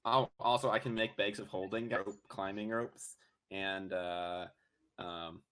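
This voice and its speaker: A man's voice: sits low, steady tone, measured pace, a bit bright, clear, resonant tone. A man chatting as a player in a tabletop game, playful and teasing. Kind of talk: casual chat during a tabletop game.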